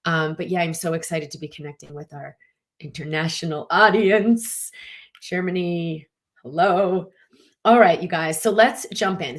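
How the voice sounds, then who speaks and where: A middle-aged woman leading a live online event, talking in a chatty, animated way with lots of fillers and acted-out quotes. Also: lowish voice. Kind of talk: casual motivational talk.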